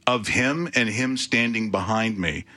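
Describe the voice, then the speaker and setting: A man's voice: on the low side, unhurried. A middle-aged man, a radio personality, telling stories on a studio microphone and acting out the voices of others. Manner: animated storyteller, acts out quotes. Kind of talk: casual radio interview.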